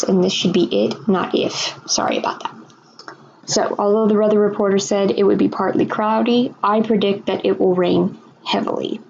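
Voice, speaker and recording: Woman teacher, patient explainer, slightly gravelly, lo-fi screen-recorded lesson. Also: medium pitch, darkish tone, slight background noise.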